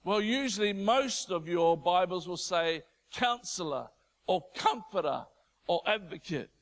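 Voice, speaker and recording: A male preacher losing his voice, delivering an impassioned sermon that builds to shouting. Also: high voice, lively intonation, a little slow.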